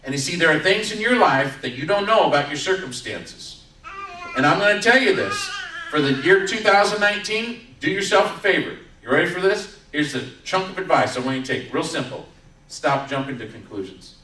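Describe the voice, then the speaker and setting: A man with a high, bright voice preaches a sermon, acting out the story's lines as he tells them. He sounds set back from the mic. His voice rings through a reverberant church sanctuary. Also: animated, fairly quick, recorded from a distance. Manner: storytelling with acted-out quotes. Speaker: pastor. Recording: echoey room from off-mic.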